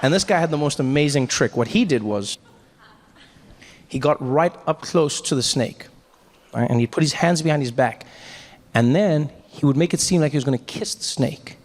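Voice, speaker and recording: A man telling a stand-up story on stage, animated and playful, acting out other voices. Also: fairly high pitch, moderate pace, big-room sound. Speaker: stand-up comedian. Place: live comedy stage.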